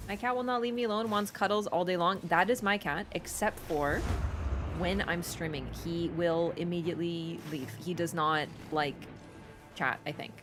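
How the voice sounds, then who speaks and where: A woman streamer chatting casually while she plays, rambling with lots of fillers and quick laughs. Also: on the low side, over music. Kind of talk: casual live-stream chat while gaming.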